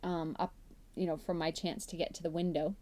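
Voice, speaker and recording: Chatty woman podcast host, mellow voice. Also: fairly low pitch, flat delivery, brisk. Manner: chatty and self-mocking, laughs often. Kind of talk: casual faith-based podcast talk.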